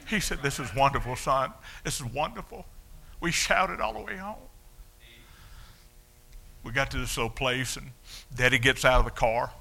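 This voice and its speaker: A man, preaching a sermon as a story of his own life, dropping low and then shouting out the punch lines. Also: animated, normal speed, vocal fry. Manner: storytelling, swings from hushed to shouting. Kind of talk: sermon testimony.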